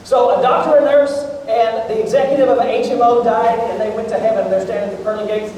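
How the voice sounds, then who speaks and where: A male pastor with a very high, steady, slightly mellow voice talks fast while preaching a sermon in a large church auditorium. The echoey hall is recorded from far off with slight background noise. He tells stories with jokes and speaks directly to the crowd.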